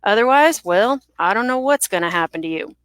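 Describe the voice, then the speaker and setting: A woman's voice: medium pitch, lively intonation, fairly quick, a bit bright, no room sound, studio quality, lightly acted. A woman voicing a mean, greedy Southern ex-husband with a Southern accent, reading from her own novel with a sneering, threatening manner.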